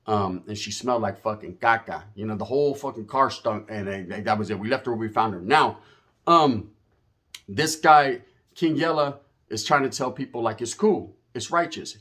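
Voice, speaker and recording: A man talks straight to his viewers in a casual, profane rant. His pitch sits in the middle range. His delivery is emphatic and full of street slang, jumping from loud bursts to muttered asides. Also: moderate pace. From US West Coast. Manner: animated, swings between loud and low. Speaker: channel host. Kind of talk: casual storytelling rant to camera.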